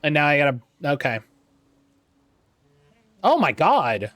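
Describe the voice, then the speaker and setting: A man streaming a video game, chatting excitedly and reading in-game text aloud. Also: fairly high pitch, dry recording. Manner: excitable, swears casually, reads item text in a measured voice. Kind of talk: casual let's-play commentary, reading game text aloud.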